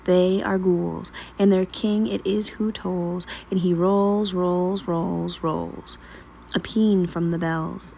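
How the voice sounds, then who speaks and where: Woman reciting poetry, gravelly and mellow. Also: medium pitch, a little hiss or hum, rough recording. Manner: slow, emphatic recital with repeated words drawn out. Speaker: vlogger and mother of a large family. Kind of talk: dramatic poetry reading. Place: home kitchen while cooking.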